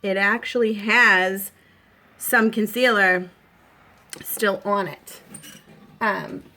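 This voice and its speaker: A woman's voice: medium pitch, steady tone, extremely slow, pushed and bright, a little hiss or hum. A woman in her thirties with a Boston accent, hosting a casual makeup tutorial at home and talking the viewer through it with reassurance and plenty of fillers. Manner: chatty, reassuring, lots of fillers.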